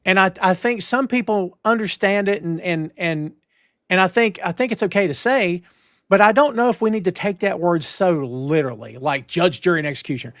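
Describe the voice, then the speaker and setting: A man hosting a wrestling news talk show, emphatic and animated, with lots of restarts. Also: high-pitched, fairly quick, no room sound, clean studio sound. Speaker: podcast host. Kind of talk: casual wrestling news chat.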